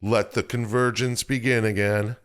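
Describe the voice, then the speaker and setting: A man's voice: fairly low pitch, flat delivery, moderate pace, clean tone, voice pushed up, lightly acted. A man putting on a smug, gloating male villain while retelling a game's plot.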